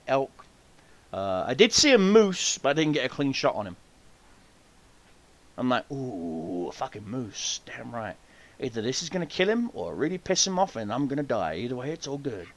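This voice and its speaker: A man hosting a podcast, telling hunting stories in a casual, profane, animated way and acting out the people he quotes. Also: mid-range voice, moderate pace, dry recording. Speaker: podcast host. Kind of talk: casual storytelling chat.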